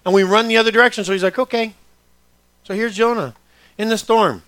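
Male preacher, fairly high voice, conversational that builds to emphatic, dry close sound. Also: steady tone, fast, dry recording. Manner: starts quiet and conversational, grows loud and emphatic. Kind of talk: sermon.

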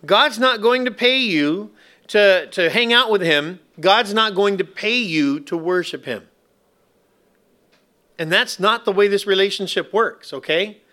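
A pastor with a high, bright voice delivers a sermon in a church. He leans on slow, weighty phrasing and drops in playful asides to the congregation.

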